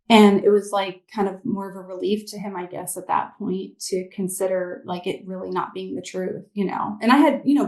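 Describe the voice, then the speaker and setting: A woman tells her own story to an interviewer in a candid, meandering way, leaning on fillers as she goes. Her voice sits at an ordinary middle pitch, and the room around her adds a noticeable echo. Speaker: interview guest. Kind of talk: personal testimony in conversation.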